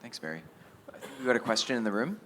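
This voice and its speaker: A man's voice: medium pitch, big pitch swings, fast, fairly bright tone, slight background noise. A man moderating a panel at a public meeting, easygoing and hesitant with fillers. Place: meeting hall.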